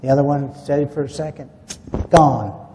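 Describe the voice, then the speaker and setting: A man's voice: mid-range voice, unhurried, big-room sound, noisy background. A man casually telling a rambling, folksy story about a past experience to a group of listeners. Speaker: UFO witness telling his story.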